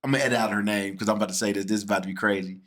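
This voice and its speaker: Speaking at a racing pace in a lowish voice, a man reviews films casually with his sister, bringing his stories to life by acting out the people he quotes.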